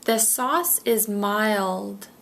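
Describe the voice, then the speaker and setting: A woman leads a pronunciation drill at a very unhurried pace. She says each word slowly and clearly, then says it again. A gravelly edge sits under her mid-range voice. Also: mid-range voice, a bit bright. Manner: models words carefully, repeating each one. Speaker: pronunciation teacher. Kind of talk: slow, deliberate pronunciation drill.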